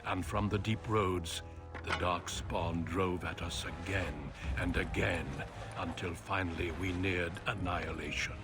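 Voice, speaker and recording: An actor voicing a grave, solemn narrator who tells a dark legend in a video game's opening cinematic. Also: male voice, sits low, steady tone. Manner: measured, portentous storytelling. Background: loud cinematic music.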